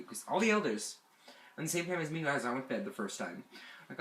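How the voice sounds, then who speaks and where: A man's voice: medium pitch, fast talker. Young man telling a rambling camp story. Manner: rambling and animated, bursts of anger. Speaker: vlogger. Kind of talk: casual storytime. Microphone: camera mic. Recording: echoey room.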